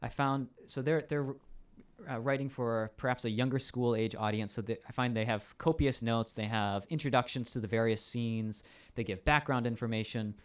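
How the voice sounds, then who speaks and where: A man's voice: medium pitch, fairly even intonation, moderate pace, clean tone. A male teacher in a casual conversation, explaining at length in a thoughtful way with frequent ums and restarts.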